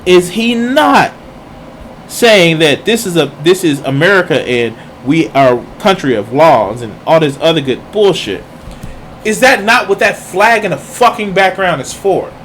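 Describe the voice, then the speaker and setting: Guy ranting over a clip, swearing nonstop, kinda high voice, mocking and heated, little hiss behind him. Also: lively intonation, unhurried, a bit bright. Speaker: streamer reacting to videos. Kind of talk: profane reaction commentary.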